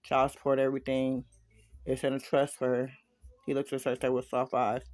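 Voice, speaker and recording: A man's voice: medium pitch, completely flat delivery, normal speed, a little mellow, dry recording. A man casually reading a fan story aloud, dropping chatty asides to listeners. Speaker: story reader.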